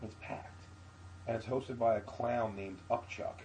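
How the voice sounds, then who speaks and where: A man's voice: medium pitch, fairly even intonation, unhurried, background noise. A man comedian telling loose, profane stories in a casual podcast chat. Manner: loose, rambling, profane storytelling. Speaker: guest comedian.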